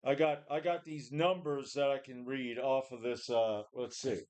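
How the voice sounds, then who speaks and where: At normal speed, with a medium pitch, steady tone and slightly mellow sound, a tired home gym vlogger rants to camera. His casual talk rambles, laced with profanity and constant repeats and restarts.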